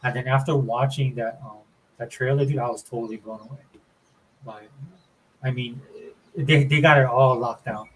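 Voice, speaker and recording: A man's voice: mid-range voice, steady tone, normal speed, pauses often, a bit bright, a little hiss or hum, poor audio. A man from Florida hosting a casual gaming show, rambling with enthusiasm and saying "dude" and "man" often. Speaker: show host.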